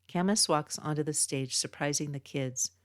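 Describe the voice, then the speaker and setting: Author narration: woman, low voice, dry close recording, steady and measured. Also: no room sound. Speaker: author reading her book. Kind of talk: audiobook narration.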